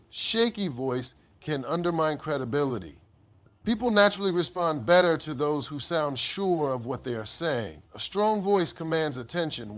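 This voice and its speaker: Man giving a measured motivational speech. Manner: measured delivery, dropping low at sentence ends. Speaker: motivational speaker.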